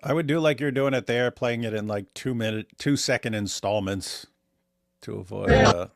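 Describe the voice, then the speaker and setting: A man's voice: medium pitch, normal speed, gravelly. A man co-hosting a casual reaction show, joking in an offhand way. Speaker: co-host.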